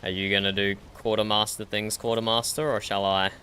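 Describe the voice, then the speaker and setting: A man's voice: fairly low pitch, flat delivery, a little fast, sharp tone, a little hiss or hum. An Australian man chatting casually during an online roleplay game, laughing often and repeating his own phrases. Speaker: roleplay streamer.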